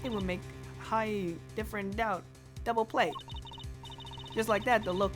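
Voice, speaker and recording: A woman's voice: medium pitch, fairly even intonation, a little slow, music in the background, natural voice. A woman voicing a brash, confident con-artist card dealer with a put-on New York accent.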